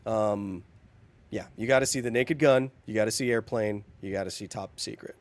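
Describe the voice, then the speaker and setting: A man's voice: on the low side, moderate pace, slight background noise. A man in his thirties streaming a game live, joking with chat and laughing often between remarks. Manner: jokey, animated, laughs often, chats with viewers. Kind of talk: live gameplay commentary.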